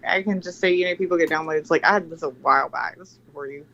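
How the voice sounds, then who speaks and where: A woman's voice: low-pitched, fast, fairly bright tone, muffled recording, slight background noise. A woman guest on a livestream who talks casually, interrupts often and swears. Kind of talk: livestream conversation.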